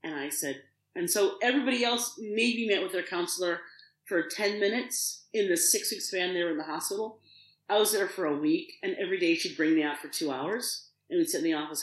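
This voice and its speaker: A middle-aged woman, a podcast guest, telling an emotional personal story in an animated way, acting out the voices of others and often restarting her sentences. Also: on the low side, brisk, echoey room, poor audio.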